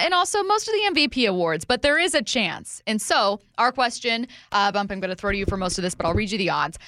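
A woman's voice: medium pitch, fairly bright tone, dry recording. A woman co-hosting a sports radio show in a studio, chatty and self-deprecating, wired on espresso. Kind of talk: casual sports talk.

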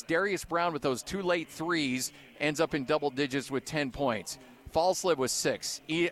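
A man with a fairly high voice calls a postgame radio show from the arena booth. He moves from excited wrap-up to a steady, filler-laced run through the box score. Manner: excited, then thoughtful stat recap with fillers. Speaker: radio sports broadcaster.

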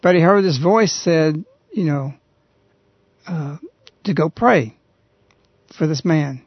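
A man hosting a radio talk show, earnestly retelling a story in a halting, conversational way. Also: on the high side, animated, slightly rough, dry recording. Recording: dull, lo-fi radio recording.

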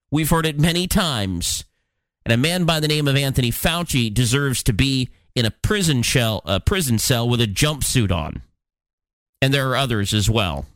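A man's voice: mid-range voice, fairly bright tone, no echo, clean studio sound. A man hosting a talk show, running through news headlines with sarcastic, plain-spoken commentary and frequent fillers. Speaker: podcast host.

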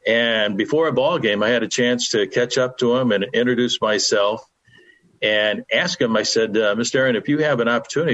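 A man's voice: medium pitch, a bit bright. An older male sports broadcaster tells a baseball memory on the radio. He speaks in a folksy, reverent way. The audio is a bit muffled, like a radio broadcast. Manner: folksy anecdotal storytelling, reverent. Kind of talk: storytelling on a sports radio show.

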